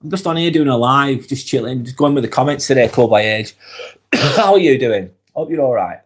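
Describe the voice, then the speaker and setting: Man, Lancashire accent, head cold, middle pitch, relaxed earnest live-stream chat, rambling. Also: brisk. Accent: Lancashire English. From Lancashire, England. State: has a head cold, run down. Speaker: vlogger hosting a live stream. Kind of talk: casual live-stream chat, reading comments aloud.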